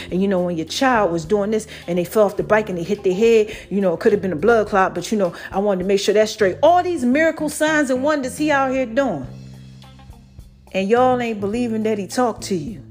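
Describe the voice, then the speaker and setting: A woman hosting her own faith podcast in a casual, preachy monologue, animated and laughing often. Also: mid-range voice. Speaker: podcast host.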